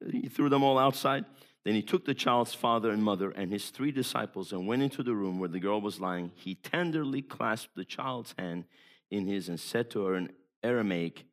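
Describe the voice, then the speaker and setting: A man preaching a sermon as an evangelist, emphatic, moving between hushed storytelling and loud exhortation. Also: lowish voice, normal speed.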